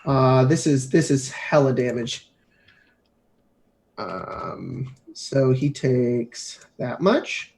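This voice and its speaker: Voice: medium pitch, animated, very slow, vocal fry, a little mellow, a little hiss or hum. Brash, swearing tabletop player. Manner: brash, swearing, laughing often. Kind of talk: tabletop game chat.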